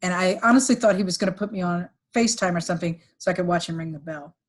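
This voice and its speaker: A middle-aged woman recounting a painful family story on a podcast, with halting restarts and fillers, sometimes quoting others in livelier voices. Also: lowish voice. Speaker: podcast guest, executive recruiter. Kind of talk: emotional personal storytelling.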